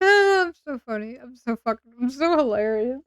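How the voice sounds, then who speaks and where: The voice is a woman's, pitched a little high, smooth and clean. She rambles on a live stream, teases and mocks herself, and now and then breaks into loud whiny bursts. She sits close to the mic in a dry room. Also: animated, fairly quick, dry recording. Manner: playful, rambling and self-mocking, with sudden loud whiny bursts. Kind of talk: casual live-stream chat.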